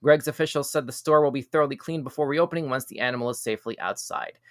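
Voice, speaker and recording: A man hosting a live news reaction stream. He reads weird news items aloud and breaks off for quick jokes and asides, often tripping over and repeating his words. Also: medium pitch, no room sound, clean studio sound. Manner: stumbles and repeats words when excited. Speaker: show host.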